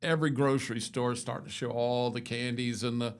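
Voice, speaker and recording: An older man with a gravelly voice chats on a morning show. He wanders through his stories, restarting sentences and tossing in asides as he goes. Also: mid-range voice, fairly even intonation, brisk. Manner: rambling storyteller with many restarts and asides. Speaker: radio show host. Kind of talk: casual morning show chat.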